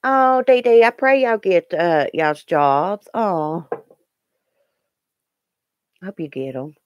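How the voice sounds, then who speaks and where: A woman's voice: fairly low pitch, animated, slow, dry recording, studio quality. A woman hosting a casual live stream, chatting earnestly with viewers and replying to their comments. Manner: chatty and earnest, with frequent ums and restarts. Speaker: YouTube live-stream host.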